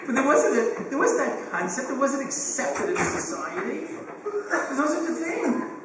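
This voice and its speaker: A man in his fifties, a rabbi lecturing parents, animated and joking, with quick asides, recorded from a distance in a large hall. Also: very high voice. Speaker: rabbi and speaker on education. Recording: echoey hall, distant mic, faint hum.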